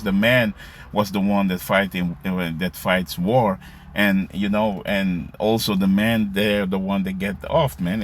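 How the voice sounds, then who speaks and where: A man's voice: on the low side, slight background noise. A man giving casual scripture commentary, reading verses aloud and tagging lines with "you see" and "man". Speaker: religious commentator.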